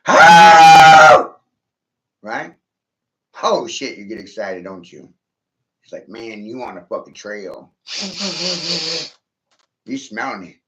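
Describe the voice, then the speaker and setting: A man's voice: fairly low pitch, a little slow, long pauses, a bit bright, a little hiss or hum. A man delivering a rambling, profane monologue, swearing freely, laughing often and asking "right?" after his points. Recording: dull lo-fi recording.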